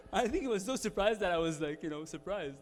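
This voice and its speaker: A man's voice: high-pitched, animated, moderate pace. Chatty Egyptian man in a reverberant hall. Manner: chatty, lots of fillers, laughs often. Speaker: speaker at an alumni talk. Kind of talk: casual storytelling talk. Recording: hall reverb with faint music.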